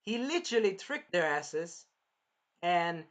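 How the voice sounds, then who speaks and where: High, bright-voiced animated male reviewer. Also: takes it slowly. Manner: animated, swears a lot, acts out characters' lines. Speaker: anime reviewer. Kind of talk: casual episode review.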